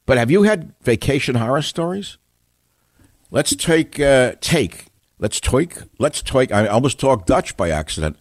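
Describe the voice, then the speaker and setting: A man's voice: medium pitch, lively intonation, unhurried, no room sound, clean studio sound. A man hosting a talk radio show, musing and self-described as cynical, wandering between thoughts.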